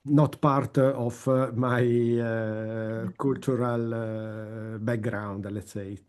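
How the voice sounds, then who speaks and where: A man's voice: fairly low pitch, little pitch movement, drawn-out words, a little mellow. A man from the Mediterranean in his fifties or older, co-hosting a webinar and telling a personal story while searching for words. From Mediterranean region. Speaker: co-host.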